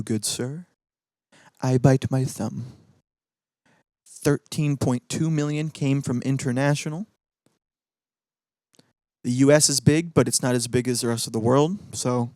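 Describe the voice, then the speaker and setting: A young man hosting a podcast, ranting excitably about movies with swearing and gloating. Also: mid-range voice, no echo, studio quality. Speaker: podcast host. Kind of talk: casual ranting commentary.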